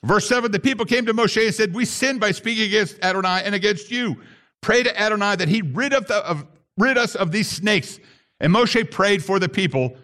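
A man's voice: sits high, a bit bright. A man preaching a sermon to his congregation, reading scripture and pressing his points with rising emphasis. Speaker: pastor.

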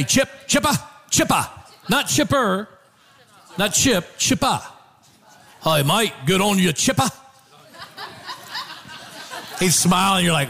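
A man preaching a sermon to a congregation, animated and storytelling, joking with the crowd. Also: high voice. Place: church before a congregation.

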